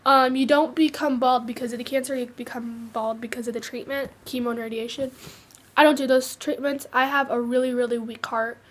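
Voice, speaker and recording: Teen girl vlogging, high voice, lots of ums and restarts, casual. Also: steady tone, fairly quick. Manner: hesitant, many fillers and restarts. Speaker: vlogger sharing her cancer story. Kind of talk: casual personal storytelling.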